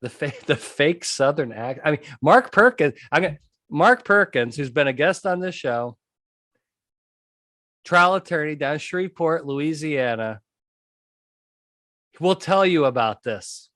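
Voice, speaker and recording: A man speaks emphatically in a podcast monologue, hammering home his points through repetition. His voice is pitched slightly high and sounds dry, close and free of room echo. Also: animated, unhurried, long pauses, fairly bright tone. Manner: emphatic, repeats key points, asks "okay?". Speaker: podcast host and trial consultant.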